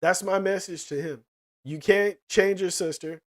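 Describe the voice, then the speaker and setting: A man's voice: high voice, steady tone, unhurried. A man streaming to his chat in casual, profane slang, often checking in with "you know what I mean".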